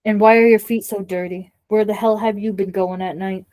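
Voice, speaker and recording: A woman's voice: medium pitch, fairly even intonation, brisk, darkish tone, no room sound, studio quality. A woman co-hosting a podcast, trading jokes and teasing banter in casual chat. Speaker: podcast co-host.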